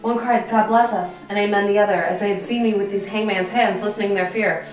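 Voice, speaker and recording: A haunted Scottish nobleman, anxious and tormented, declaiming verse intensely, as a woman plays him. The voice rings through a very echoey room with clear music underneath. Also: mid-range voice, steady tone, a little fast, lightly acted. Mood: shaken. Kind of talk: stage acting of verse drama.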